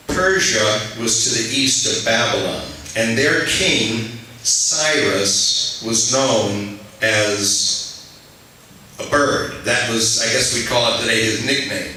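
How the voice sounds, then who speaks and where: A man's voice: medium pitch, slow pace, pushed and bright, slight background noise. A male pastor preaching a sermon in a conversational way, now and then putting questions to the congregation. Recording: echoey hall, mic at a distance.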